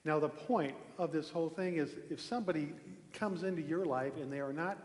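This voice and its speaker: A man giving a relaxed, conversational sermon from a temple hall, telling a story with pauses and restarts. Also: on the high side, slight background noise. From Norway. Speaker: minister giving a talk. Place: large echoey temple hall. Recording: echoey hall with long reverb.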